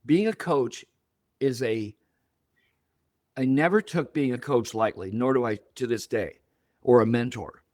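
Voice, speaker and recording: Speaking a little slowly and pausing often, this older interview guest in his seventies has a medium-pitched voice. He animatedly tells stories and performs the quoted lines himself, and the studio-quality recording carries no room sound.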